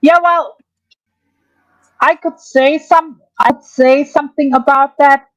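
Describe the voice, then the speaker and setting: A woman hosting a casual livestream, talking in a halting, hesitant way with many restarts. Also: high voice, steady tone, dry recording, low-quality recording.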